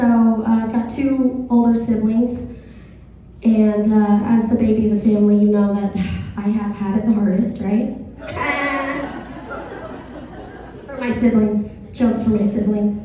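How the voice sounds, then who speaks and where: A hoarse woman comedian doing a stand-up set, talking with the crowd in a self-deprecating, conversational way. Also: a little high, warm tone, a little hiss or hum. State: hoarse, dry throat. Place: theater stage. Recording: echoey theater, far from mic, dull.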